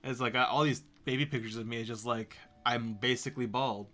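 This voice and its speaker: A man's voice: medium pitch, fairly even intonation, fairly quick, pushed and bright. A young man, a game developer, chatting casually with a co-host, teasing and laughing often. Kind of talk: casual chat while working.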